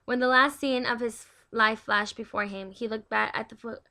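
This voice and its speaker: Young woman host, bright tone, casual devotional read, chatty, trips over words. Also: fairly high pitch, steady tone, moderate pace. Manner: chatty, stumbling over words while reading aloud.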